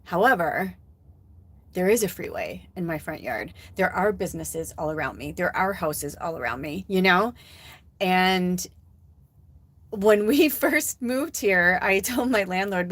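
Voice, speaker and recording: A woman in her forties from Illinois, a spiritual medium telling her life story in a casual live stream, animated and swearing as she acts out what she said. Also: on the low side, no echo. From Illinois, USA.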